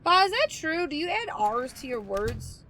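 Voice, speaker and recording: A woman's voice: high-pitched, very animated, normal speed, a bit bright, slight background noise. A woman streamer chatting casually with her viewers while playing, chatty and easily amused. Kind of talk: casual game livestream chat.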